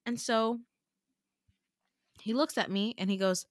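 A woman hosting a podcast, casually retelling a dream in an animated way, full of fillers and swearing as she acts out the dialogue. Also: a little high, measured pace, no echo, studio quality. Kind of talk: casual storytelling.

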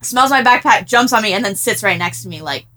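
A woman's voice: mid-range voice, animated, brisk, bright, forceful tone, slight background noise. A young woman co-hosting a casual podcast, telling a story in a chatty way with lots of "like.". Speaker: podcast co-host. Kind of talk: casual chat.

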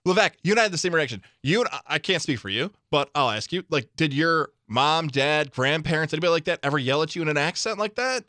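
A man co-hosting sports talk radio, energetic and emphatic in quick banter on a studio microphone. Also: a little high, no room sound.

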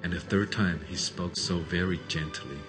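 Male documentary voice-over, deep register, grave and measured, faint music underneath. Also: steady tone. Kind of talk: solemn first-person testimony narration.

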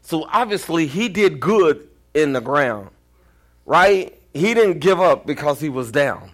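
A man with a Texan accent preaches to his congregation in a lively, storytelling way. His pitch swings widely as he acts out the voices in his stories, and at times he nearly shouts. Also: unhurried. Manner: animated, jumps into quoted voices, sometimes near-shouting. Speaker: pastor. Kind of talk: storytelling sermon.

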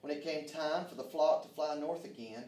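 Male preacher, fervent sermon, slightly high voice, roomy and distant. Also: moderate pace. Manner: fervent, calls out amen, drops to hushed tones. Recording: echoey room, mic far off.

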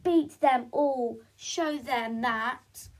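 Woman putting on a bragging posh mother, loud, commanding, high voice, unhurried. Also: heavily acted. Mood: bossy. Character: boastful posh mother pushing her daughter.

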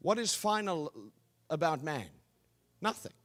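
A male pastor preaching a sermon, swinging from loud declarations to hushed asides and leading the congregation in call-and-response. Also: a little high, lively intonation, unhurried.

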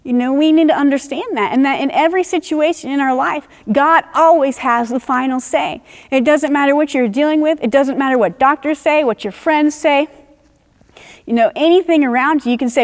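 A woman's voice: sits high, a little fast, in a large hall. A woman preaching a sermon in an earnest, conversational way, often saying "you know" as she explains scripture.

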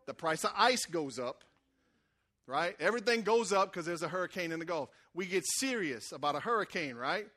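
The sermon comes from a man whose voice is high, bright and animated, delivered at a normal speed in a casual, conversational tone. Again and again he calls out for the congregation's response, acting out the people he describes along the way.

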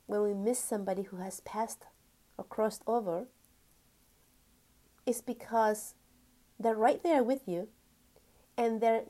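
Woman, spiritual teaching talk, unhurried, higher voice, earnest, stretched-out emphasis. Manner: gentle and earnest, stretches key words, sometimes drops to a whisper. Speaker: spiritual teacher and energy healer.

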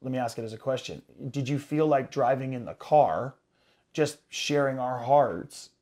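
Man, casual couple's chat, halting and searching, plain mid voice. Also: mid-range voice, warm tone. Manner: halting, searching, many restarts.

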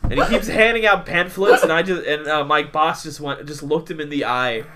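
A man's voice: fairly high pitch, fairly quick, noisy background. A young man telling a story in a casual podcast chat, swearing and laughing as he goes. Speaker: podcast co-host.

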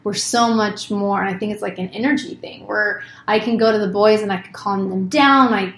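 A woman's voice: medium pitch, fairly quick, a bit bright, roomy sound. A woman in her thirties talking casually and openly as a co-host, swearing freely and acting out her own words. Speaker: podcast co-host, mother. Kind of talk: casual conversation.

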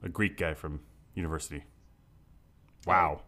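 A man in casual chat about a film, blunt and joking, swearing freely through animated rants. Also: extremely low pitch, unhurried. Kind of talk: casual movie discussion chat.

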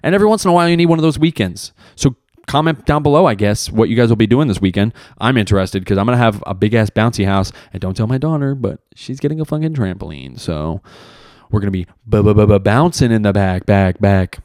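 A man's voice: mid-range voice, animated, quick pace, a little mellow, no room sound, studio quality. A young man hosting a solo podcast, talking in a rambling, profane, self-mocking way. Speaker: podcast host. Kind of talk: casual solo podcast monologue.

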